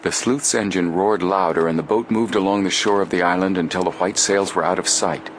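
A man narrating an adventure audiobook in a steady, measured storytelling voice. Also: low voice, slight background noise. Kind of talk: scripted narration.

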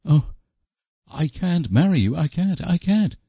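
A man's voice: medium pitch, big pitch swings, unhurried, mellow, husky, no room sound, voice pushed up. A man reading an audiobook voices a young woman who pleads desperately in a raised voice. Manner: pleading, breathless refusals. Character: young woman, earnest and distraught.

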